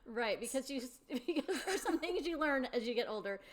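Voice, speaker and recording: A woman's voice: high-pitched, animated, moderate pace. A woman guest co-host and health coach, chatting casually in an upbeat way and laughing often. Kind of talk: casual chat.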